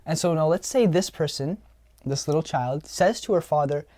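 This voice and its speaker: A man's voice: a little high, normal speed, warm tone, no echo. A man giving an earnest self-help talk as a coach, often repeating phrases for emphasis. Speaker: social skills coach.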